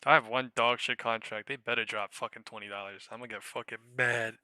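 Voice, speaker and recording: A man streaming his live day trading, muttering profanely and anxiously to himself, with sudden shouts away from the microphone. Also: mid-range voice, steady tone, brisk, smooth, no echo.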